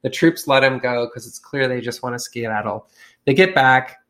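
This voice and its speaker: A man's voice: mid-range voice, moderate pace, fairly bright tone. Man telling a profane, slangy story. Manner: profane, slangy, acts out characters with shifting voices. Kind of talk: casual comedic storytelling.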